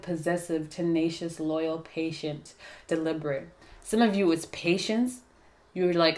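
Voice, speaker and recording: Chatty woman giving a tarot reading, lower voice. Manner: chatty, thinks aloud with frequent "like" and "right?"; lists keyword traits in a slow steady run. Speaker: tarot reader. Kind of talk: casual spiritual reading.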